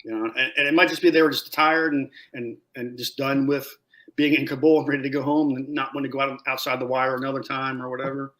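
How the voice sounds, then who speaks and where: A man telling war stories in a casual interview, animated, acting out what people said and swearing freely. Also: medium pitch, quick pace. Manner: animated storyteller, acts out quotes loudly, swears. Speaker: guest, former Marine scout sniper.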